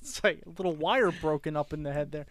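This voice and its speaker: A man's voice: a little high, fast, heavy background noise. A man co-hosting a podcast, joking bluntly and swearing freely in casual sports talk. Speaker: podcast co-host.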